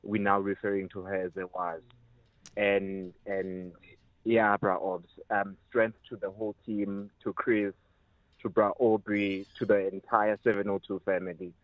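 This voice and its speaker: A man, a former radio producer, calling in and speaking haltingly as he searches for words. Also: fairly low pitch, level tone, no echo. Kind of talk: radio call-in tribute. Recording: tinny phone line, dry.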